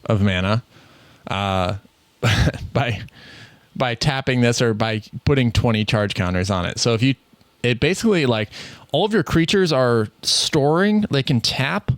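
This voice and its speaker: With no room sound on the recording, this medium-pitched Midwestern man co-hosts a podcast, chatting loosely about card games. He laughs a lot, wanders in his thoughts, and keeps correcting himself.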